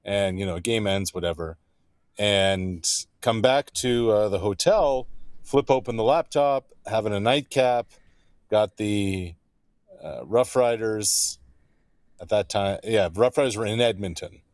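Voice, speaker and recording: A man's voice: lowish voice, a little slow, a little mellow, no room sound. A Canadian man co-hosting a sports radio show, telling stories in a casual way with dry, wry humor. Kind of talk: casual chat, storytelling.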